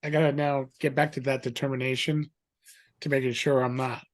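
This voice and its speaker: A middle-aged man telling a story in a rambling, animated way, acting out the voices of others. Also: medium pitch, brisk. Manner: animated, acts out quoted voices; rambling with fillers and restarts. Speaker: guest. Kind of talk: casual storytelling.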